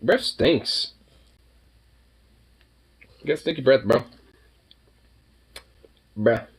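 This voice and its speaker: A young man with a lively, bouncy voice, chatting in a laid-back, rambling way. He often slips into high, cooing baby talk for his dog. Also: drawn-out words, breathy edge. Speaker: vlogger. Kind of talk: casual chat.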